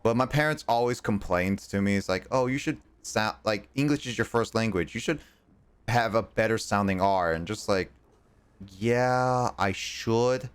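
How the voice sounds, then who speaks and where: A man with a low, smooth voice chats casually over his gameplay. His R sounds carry a slight L-like tongue flick, and he rambles along with fillers and restarts. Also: moderate pace. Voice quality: R sounds bend toward L. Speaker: streamer. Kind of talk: casual chat while gaming.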